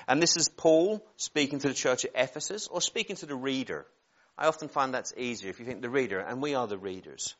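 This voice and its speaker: A man in his forties from Northern Ireland with a Northern Irish accent, softened by years in England, giving an informal sermon in a rambling, self-deprecating way full of joking asides. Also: mid-range voice, expressive, brisk, dull audio. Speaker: preacher.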